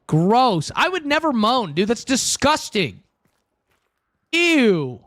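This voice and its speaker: In a dry recording from his room at home, a young man with an extremely high, sing-song, slow and fairly bright voice livestreams a game. He chats crudely and jokes casually, often saying "dude," speaking close to a headset mic.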